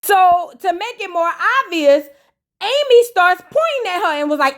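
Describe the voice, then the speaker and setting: A woman's voice: extremely high pitch, sing-song, moderate pace, a bit bright. A woman hosting a comedic reality-show recap, telling it in a gossipy, sassy, colloquial way.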